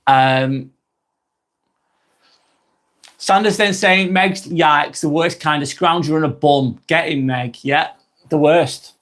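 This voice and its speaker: Slow-paced with long pauses, this broad, strong man in his thirties chats casually on a live stream, reading viewer comments. He's blunt, talkative, swears freely and repeats phrases; his fairly bright voice sits a little higher than most men's.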